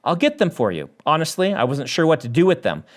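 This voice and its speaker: A man's voice: fairly high pitch, wildly swooping pitch, fast. A man reading aloud, voicing a curt, reproachful village woman from a medieval world in his own voice. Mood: stern.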